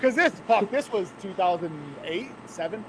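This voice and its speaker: A man's voice: sits high, moderate pace, a loud crowd, low-quality recording. A man, a former pro wrestler, telling a casual story on a podcast and swearing often. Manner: profane, animated anecdote-telling with frequent swearing.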